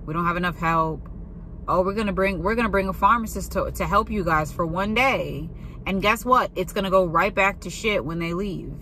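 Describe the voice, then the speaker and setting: A young woman vents about her job in a blunt, sarcastic, swear-heavy rant. Her voice sits low but has a bright, sharp edge. A faint ambient hum runs underneath. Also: moderate pace. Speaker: pharmacy worker venting. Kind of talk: casual ranting monologue.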